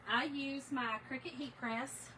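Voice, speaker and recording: A woman with a high, bright voice chats animatedly with her livestream viewers, calling them y'all and girl as she crafts. She sounds close to the mic in a home craft room, with faint noise in the background. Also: fairly even intonation, unhurried, low-quality recording. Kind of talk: casual chat while crafting, reading viewer comments.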